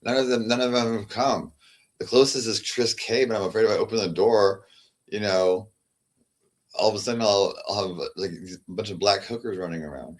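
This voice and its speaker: Streamer, male, deep voice, halting rambling chat that trails off into murmurs. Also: fairly even intonation. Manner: halting, repeats words, trails off. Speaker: livestreamer. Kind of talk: rambling casual livestream chat.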